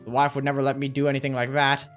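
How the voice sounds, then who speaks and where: Man voicing a grumbling middle-aged villager, low and mumbly, over faint music. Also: completely flat delivery, very fast, a bit bright, natural voice.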